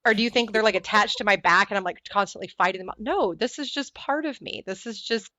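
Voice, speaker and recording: On a podcast, a female guest speaks candidly and quickly in a mid-range voice, mimicking the people in her stories and breaking into laughter. The recording is dry and muffled.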